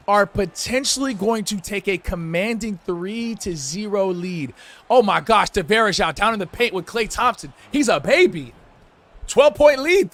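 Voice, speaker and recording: A man narrating his own basketball video game like a sportscaster, loud and slangy, shouting at big plays. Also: high-pitched. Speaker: gaming YouTuber. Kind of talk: playful sportscaster-style play-by-play over a video game.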